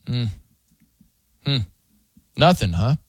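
A man's voice: mid-range voice, sing-song, slow, breathy edge, dry recording, clean studio sound. A man hosting a sports radio show, chatting casually and jokingly with many fillers and restarts. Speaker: sports radio fill-in host. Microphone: studio microphone.

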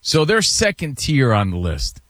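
A man's voice: medium pitch, huge pitch swings, a little slow, a bit bright, no room sound, studio quality. A man hosting a sports radio show, leading the segment and reading listener comments in an easygoing way. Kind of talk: casual sports talk banter.

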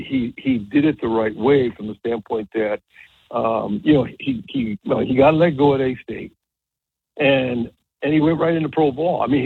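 A man in his seventies, a retired baseball coach, telling stories on a radio show in a rambling, animated way with many restarts. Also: mid-range voice, gravelly, husky. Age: 70s. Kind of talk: casual radio interview. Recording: tinny phone line.

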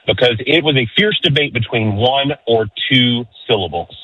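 A man's voice: mid-range voice, normal speed, husky, no room sound. A man calling in to a sports radio show, polite with a dry joking edge. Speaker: caller. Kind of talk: phone-in call. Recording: phone line.

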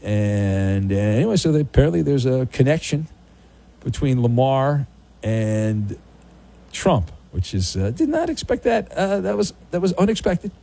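A man's voice: mid-range voice, gravelly. A man hosting a sports radio show, chatting casually and teasing his callers. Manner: animated, talkative, quick to tease callers.

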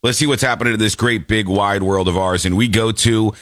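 A man's voice: fairly even intonation, brisk, fairly bright tone, dry recording, studio quality. A male show host talking in a playful, jokey way, with a stuffy, congested voice. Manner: playful, jokey, swings pitch widely. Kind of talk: casual comedic show banter.

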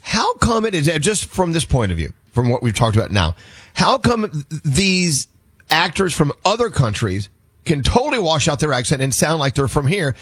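A man's voice: fairly high pitch, normal speed, breathy edge, no room sound. A man hosting a morning radio show, steering a casual chat and jumping in often. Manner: animated, steers the talk, jumps in often.

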